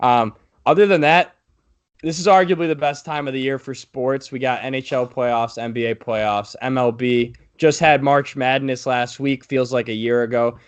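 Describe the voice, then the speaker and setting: A man's voice: medium pitch, fairly even intonation, moderate pace, smooth, dull audio. A young man co-hosting a casual sports podcast, running through news in a laid-back way with many fillers. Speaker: podcast co-host.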